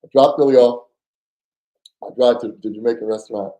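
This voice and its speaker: Man, podcast guest, animated storyteller, casual slang, mellow warm tone. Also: medium pitch, brisk, poor audio. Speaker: former undercover agent, guest.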